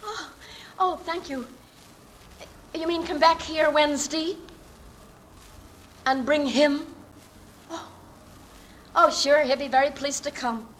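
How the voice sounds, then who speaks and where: A woman's voice: sits high, slow pace, pauses often, fairly bright tone, a little hiss or hum, rough recording. A woman acting an earnest young working-class woman who politely pleads her case to a judge in a dramatic monologue. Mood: relieved.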